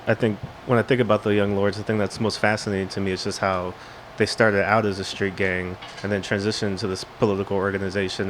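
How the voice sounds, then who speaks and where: A man's voice: fairly low pitch, a little hiss or hum, rough recording. A man in the audience asking a hesitant, rambling question at a book talk. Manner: hesitant, full of restarts.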